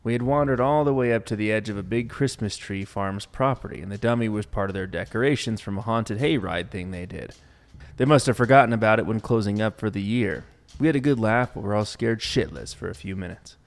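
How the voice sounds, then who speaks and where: Low-voiced laid-back man reading stories. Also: a little fast. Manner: laid-back, swearing, joking. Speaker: podcast co-host. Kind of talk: reading stories aloud in casual chat.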